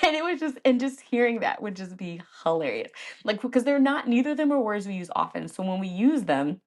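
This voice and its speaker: A woman's voice: medium pitch, expressive, brisk. A woman in her thirties hosting a podcast in a casual, chatty way, often laughing and calling her listeners "y'all". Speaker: podcast host. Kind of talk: casual chat.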